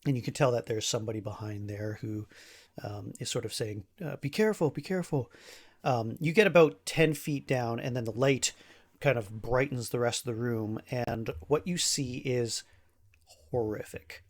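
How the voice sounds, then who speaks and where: A man's voice: medium pitch, moderate pace. A man narrating as game master for a tabletop game, easygoing with frequent ums and uhs. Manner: relaxed, many ums and uhs, laughs easily.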